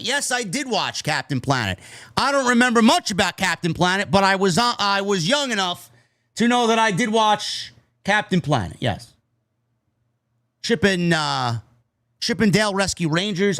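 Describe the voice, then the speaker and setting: Very animated at a moderate pace, a man with a high-pitched, somewhat bright voice talks through a wrestling show, recorded clean in the studio with no echo. His review is rambling, nostalgic, and profane, with frequent tangents.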